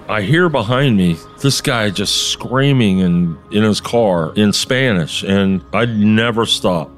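A man, a street preacher, telling a story in an interview with emphatic delivery, acting out the voices of the people in it. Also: mid-range voice. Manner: emphatic, quotes others in dialogue, many restarts.

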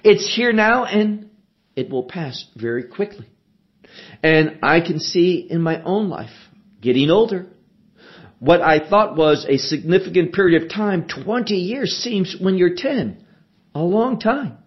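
A man's voice: high-pitched, animated, highs cut off. A man in his sixties giving an earnest, emphatic Bible teaching for a radio broadcast. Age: 60s. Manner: slow, earnest, emphatic exhortation.

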